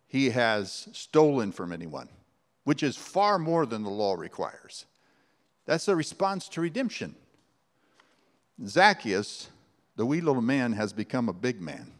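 A man preaching a sermon, earnest and conversational, with rhetorical questions. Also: medium pitch. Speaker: pastor. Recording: long hall reverb.

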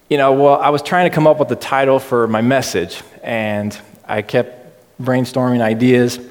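A man giving a casual, chatty sermon in a low-key, self-deprecating way. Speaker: preacher. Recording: reverberant hall.

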